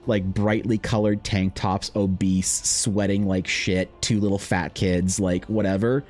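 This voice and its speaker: A man with a low voice talks casually while he draws, wandering through loose, profane anecdotes and restarting his sentences often. Faint music plays behind him. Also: little pitch movement, measured pace, a little mellow. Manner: rambling, profane, storytelling, many restarts. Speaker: artist streamer. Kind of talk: casual chat while drawing.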